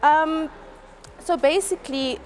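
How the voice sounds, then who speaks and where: Hesitant woman, fairly high. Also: slow, slight background noise. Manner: hesitant, many ums and restarts. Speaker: customer relations manager. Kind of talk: workplace career talk. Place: car dealership indoors.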